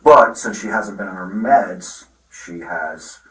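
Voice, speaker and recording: A middle-aged father telling the police a long, halting account with many restarts, recorded on a body camera. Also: lowish voice, expressive, fairly bright tone. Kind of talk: recounting events in a conversation. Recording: roomy, from far off the mic.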